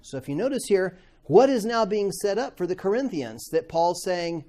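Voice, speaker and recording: A man's voice: sits high, big pitch swings, moderate pace, hardly any pauses, mellow. A middle-aged man teaching a Bible class in a conversational way, asking the class questions and acting out quoted voices.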